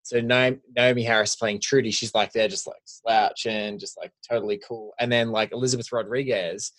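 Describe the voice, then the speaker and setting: A man co-hosting a podcast, talking about films in an animated, rambling way full of "like". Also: on the low side, a little fast. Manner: animated, heavy use of "like". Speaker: podcast co-host. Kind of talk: casual film chat.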